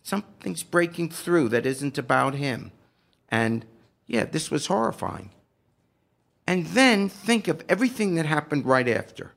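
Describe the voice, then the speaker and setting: A man's voice: fairly high pitch, big pitch swings, measured pace, creaky, a bit bright. An older man giving impassioned, indignant political commentary, firing off rhetorical questions with a sarcastic edge. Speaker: podcast guest.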